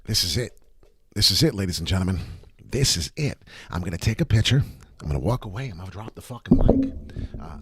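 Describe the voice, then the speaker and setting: A man's voice: on the low side, a bit bright, husky. A man from New Jersey with a New Jersey accent, hosting a live crypto chart stream and talking in a hyped, profane, rambling way. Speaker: crypto livestream host.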